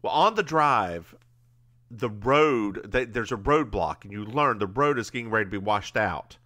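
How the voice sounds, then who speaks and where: A man co-hosting a podcast, retelling a TV episode in a chatty, animated way with quick asides. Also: on the low side. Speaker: podcast co-host. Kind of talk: casual recap chat.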